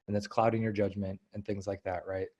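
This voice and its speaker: A man in his thirties, a guest coach in a casual interview, explaining ideas and acting out inner thoughts in lively asides. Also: fairly low pitch, fairly quick. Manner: animated, acts out inner voices.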